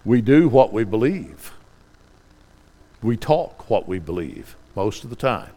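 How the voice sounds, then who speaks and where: A middle-aged man preaching a sermon, reading scripture quietly and then building to fervent, pleading questions. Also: fairly low pitch, very animated, slow.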